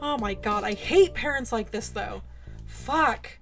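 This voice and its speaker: A woman's voice: a little high, lively intonation, a little slow, creaky, soft background music. A young adult woman streamer, ranting outspokenly and swearing while commenting on a game. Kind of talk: casual gameplay commentary and ranting.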